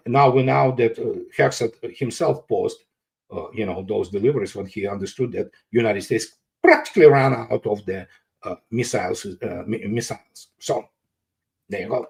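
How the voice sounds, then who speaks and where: A man's voice: mid-range voice, a little mellow. A man talking as an interview guest, with emphatic, scornful political commentary full of "you know" fillers. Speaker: guest analyst.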